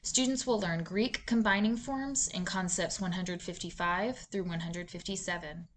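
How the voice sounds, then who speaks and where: A woman giving scripted instructional narration for a reading lesson, in a clear, measured, deliberate teaching delivery. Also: on the low side, slight background noise. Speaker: literacy instructor.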